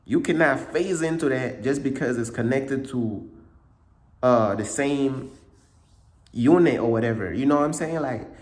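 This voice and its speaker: A man giving a casual motivational talk, repeating himself often, with a slightly cracking voice and frequent throat clearing. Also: medium pitch, a little mellow, roomy sound. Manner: repetitive, conversational, frequent "bruh" and "you know what I'm saying". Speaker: motivational speaker.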